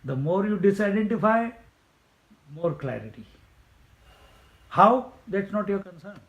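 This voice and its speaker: A man's voice: high voice, expressive, measured pace, dull audio. A man teaching a spiritual discourse, emphatic and repetitive, laughing at his own jokes. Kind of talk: Vedanta discourse.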